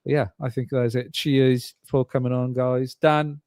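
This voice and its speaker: A man's voice: mid-range voice, level tone, a little slow, a little mellow, no echo, studio quality. A British man hosting a casual podcast chat, talking with lots of fillers and restarts. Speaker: podcast host.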